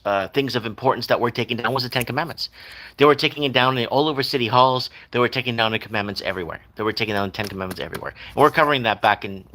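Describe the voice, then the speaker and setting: A man's voice: mid-range voice, bright, forceful tone. A man hosting a casual livestream, chatting loosely and reading viewer comments aloud.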